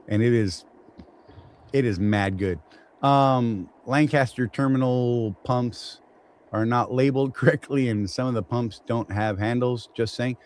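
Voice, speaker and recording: A man's voice: mid-range voice, low-quality recording. A man with a Southern accent hosting a casual live chat, rambling and teasing with jokes. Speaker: show host.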